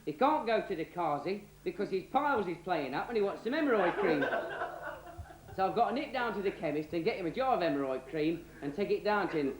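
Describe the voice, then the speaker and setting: A man's voice: high-pitched, expressive, fairly quick, very noisy. A man putting on a brash Cockney girl. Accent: London Cockney. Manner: brash, shouting slang. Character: cheeky mouthy young London girl. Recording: roomy echo.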